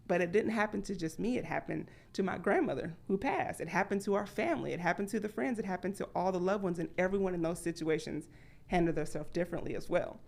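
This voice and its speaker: A woman guest on a podcast, talking candidly and acting out her past thoughts with sudden jumps in pitch. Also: fast talker, vocal fry, a little mellow. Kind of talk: candid conversational storytelling.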